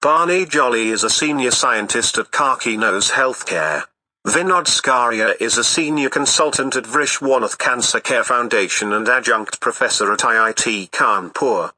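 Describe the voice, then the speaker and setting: A man reading a news report in a formal, steady manner. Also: medium pitch, moderate pace, rough recording.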